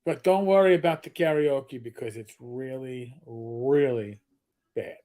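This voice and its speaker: A man's voice: medium pitch, measured pace, mellow. Rambling middle-aged male co-host. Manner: rambling storyteller, joking, frequent restarts. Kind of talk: casual livestream chat.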